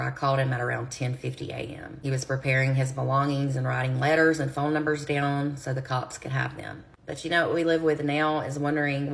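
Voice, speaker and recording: Woman, low voice, earnest storyteller talking straight to her followers on a phone video. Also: gravelly. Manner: earnest, direct, speaks straight to viewers. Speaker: true crime creator. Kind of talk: personal storytelling to camera.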